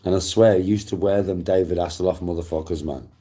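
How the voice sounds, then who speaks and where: A middle-aged Englishman with a very low, mellow voice, chatting casually. He rambles, swears freely and circles back over his own phrases. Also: fairly even intonation, quick pace. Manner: rambling, profane, repeats himself. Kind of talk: casual storytelling chat.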